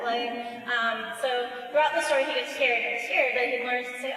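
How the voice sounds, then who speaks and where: Woman librarian presenting at a conference, casual and chatty, slightly high voice, caught from a distance in a big reverberant hall. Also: fairly even intonation, moderate pace, few pauses, sharp tone. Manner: casual and chatty, says "like" a lot; acts out story voices with big pitch jumps. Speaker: children's librarian, keynote speaker. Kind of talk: conference talk on storytime books. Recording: echoey hall recorded from far off, faint music.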